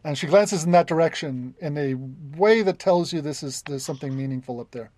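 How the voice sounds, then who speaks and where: A woman's voice: deep voice, a little fast, darkish tone, no room sound. A woman running a tabletop game as game master, narrating with many stops and restarts. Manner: hesitant, many restarts and fillers.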